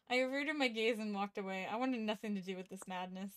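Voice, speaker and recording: A woman's voice: mid-range voice, steady tone, fairly quick, hardly any pauses, clean tone, soft background music. A woman streaming a horror visual novel, reading its text aloud and chatting with viewers, laughing often and swearing casually. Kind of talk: live game stream chat and reading aloud.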